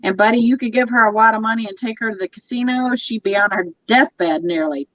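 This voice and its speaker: A woman's voice: on the high side, a little fast, fairly bright tone, no room sound, lo-fi sound. A woman podcast host telling stories in casual chat, laughing often. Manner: chatty storyteller, laughs often.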